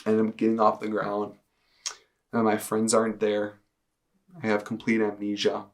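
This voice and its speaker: A young man telling his personal testimony in earnest, halting speech with many fillers. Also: on the low side, monotone. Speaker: testimony speaker.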